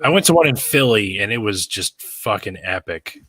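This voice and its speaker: A podcast co-host chats casually, teasing the others and swearing freely. The voice is husky but has a bright edge. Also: mid-range voice, animated, moderate pace, no room sound. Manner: profane, teasing. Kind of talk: casual chat.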